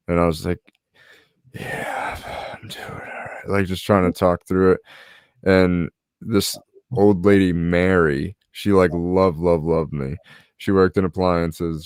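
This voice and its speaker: A young podcast host tells a personal story in casual chat, acting out the voices of the people he quotes. His voice is low-pitched and clean, with a dry, clean studio sound.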